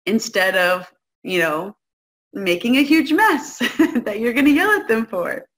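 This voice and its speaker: In a somewhat high voice and a little slowly, this woman guest-hosts a casual parenting talk for an audience. Conversational throughout, she often asks "right?" to check in with listeners and acts out parents and children with lively voices.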